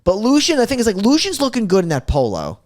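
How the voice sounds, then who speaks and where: A man co-hosting a podcast, excitedly recapping a film's plot in a rambling, casual way. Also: high-pitched, fast talker. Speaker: podcast co-host. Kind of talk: casual film review chat.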